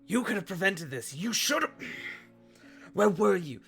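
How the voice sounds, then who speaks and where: A man's voice: sits high, big pitch swings, slow, gravelly, fairly bright tone, faint music behind, voice pushed up, full character voice. A man voicing a large male goblin elder who scolds a younger goblin in a tabletop game. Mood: scolding. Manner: stern, scolding, exasperated.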